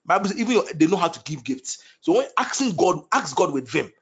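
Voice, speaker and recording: A man's voice: sits high, very animated, fairly quick, a crowd in the background. A man speaks in a slightly raised register as he leads prophetic prayer. He calls out named people one by one and repeats his declarations with fervor. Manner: fervent, repetitive declarations.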